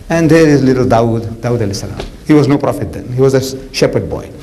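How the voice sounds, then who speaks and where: A man's voice: medium pitch, expressive, a little fast, mellow, a little hiss or hum, rough recording. A man in his seventies with a South African accent, preaching in a colloquial, theatrical storytelling style, sprinkling in "man" and "you know". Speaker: Islamic preacher. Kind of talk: animated storytelling lecture.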